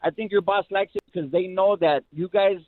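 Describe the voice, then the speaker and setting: A man's voice: high voice, normal speed. Emotional man calling in over a phone line. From Los Angeles. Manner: heartfelt, rambling, repeats himself. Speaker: caller. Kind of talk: emotional phone call to radio show.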